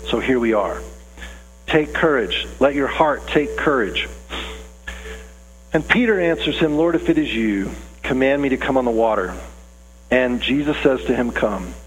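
A man's voice: mid-range voice, lively intonation, measured pace, long pauses, long reverb tail, slight background noise, poor audio. A man preaching a sermon in a conversational, earnest way, often asking his listeners questions. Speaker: pastor.

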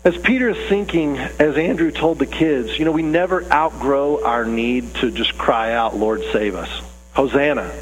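A man's voice: a little high, animated, moderate pace, few pauses, long reverb tail, slight background noise, poor audio. A man preaching a sermon in a conversational, earnest way, often asking his listeners questions. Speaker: pastor.

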